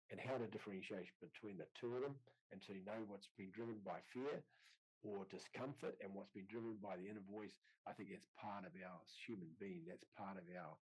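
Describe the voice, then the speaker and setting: A man's voice: on the low side, breathy edge, poor audio. A man, a qigong teacher in a casual online group chat, rambling and acting out inner dialogue over a video call. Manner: rambling, repeats words, acts out inner dialogue.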